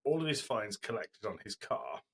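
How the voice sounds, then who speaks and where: Podcast guy, husky and forceful, rambles on recapping a show. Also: fairly low pitch, big pitch swings, normal speed. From Britain. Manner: rambling storytelling recap with fillers. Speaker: podcast co-host. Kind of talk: casual chat.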